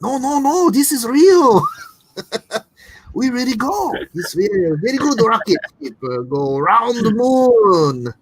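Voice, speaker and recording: A man putting on a boastful, broken-English voice, high and sing-song, insisting the footage is real. It sounds loud and pushed up well above his normal speaking range. The room around it is dry. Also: sing-song, unhurried, husky, no room sound, exaggerated voice, poor audio. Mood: insistent.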